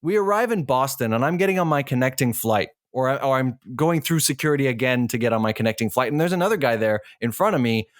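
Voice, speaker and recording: A man's voice: mid-range voice, animated, fast, few pauses, dry recording, clean studio sound. A man co-hosting a podcast, telling a long anecdote in casual chat with frequent restarts. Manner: storytelling, rambling with restarts. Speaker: podcast co-host.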